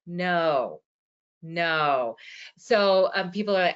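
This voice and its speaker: A woman's voice: on the low side, normal speed, a bit bright. A woman in her forties, a physical therapist, answering questions in a webinar in an earnest, conversational way with many fillers. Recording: dull lo-fi webinar audio.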